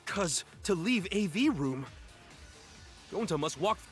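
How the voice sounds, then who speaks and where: An actor voicing a big, gentle, simple-minded man who speaks broken English and calls himself by his own name, heard from game audio with faint music. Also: high voice, lively intonation, slow pace. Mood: earnest.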